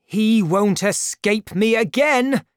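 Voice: mid-range voice, very animated, slow, no echo, studio quality, voice pushed up. A reader voicing a brave young male swordsman in a storybook, with a raised, eager, heroic delivery. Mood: commanding. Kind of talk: storybook reading.

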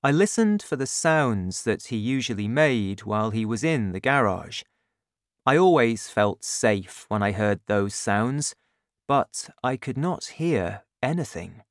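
Audiobook narrator, unhurried, lively intonation, no room echo. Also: medium pitch, studio quality. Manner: slow, clear, deliberate reading.

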